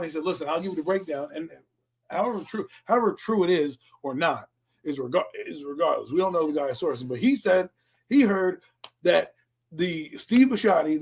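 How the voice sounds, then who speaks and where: A man co-hosting a casual sports talk show, telling profane, animated stories. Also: high voice, slightly rough. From Philadelphia area, US. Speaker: podcast co-host.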